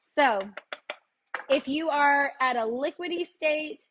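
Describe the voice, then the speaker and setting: A woman's voice: sits high, slow pace, fairly bright tone, a little hiss or hum. A woman with a Tennessee Southern accent, hosting a live cooking lesson and chatting folksily with her viewers as she goes. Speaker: cooking show host.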